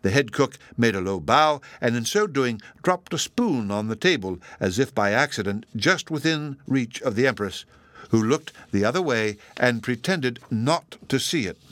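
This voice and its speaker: A man narrating a story in a measured audiobook reading. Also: no echo. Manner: measured storytelling with lively pitch.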